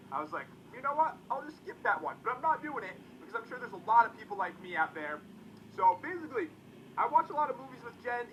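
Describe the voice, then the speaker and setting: A man's voice: high voice, bright, forceful tone, slight background noise, poor audio. A young man in his twenties chatting casually to viewers in a vlog, joking about himself and calling them guys. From Connecticut, US. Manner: chatty, self-deprecating, addresses viewers as guys. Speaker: YouTuber.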